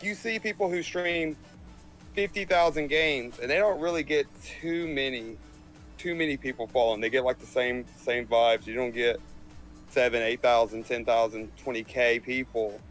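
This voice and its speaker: A man's voice: mid-range voice, normal speed, faint music behind, rough recording. A man in casual chat, talking emphatically, repeating himself and swearing casually.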